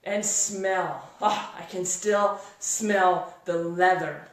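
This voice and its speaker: A woman giving a workshop talk to a live audience, telling a story in a lively, exclamatory way. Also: fairly low pitch, extremely slow. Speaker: workshop speaker. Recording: echoey room, voice from far off.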